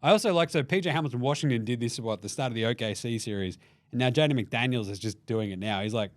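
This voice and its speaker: A man's voice: mid-range voice, quick pace, no echo, clean studio sound. A young Australian man hosting a casual basketball recap, joking and swearing freely and acting out players' voices. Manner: profane, jokey, acts out players' voices. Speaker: basketball podcast host.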